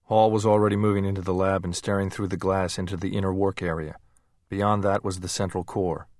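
A man narrating an audiobook in a steady, measured reading voice. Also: deep voice, dry recording, clean studio sound.

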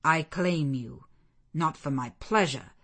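A woman's voice: slow, a bit bright, breathy edge, exaggerated voice. A woman voicing a stern zealous clergyman. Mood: commanding. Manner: deep, relentless, commanding. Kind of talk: audiobook character voice.

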